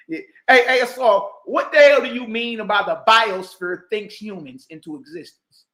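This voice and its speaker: A man giving heated, mocking reaction commentary, repeating himself and bursting into shouts. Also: very high-pitched, moderate pace. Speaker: online commentator. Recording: roomy echo.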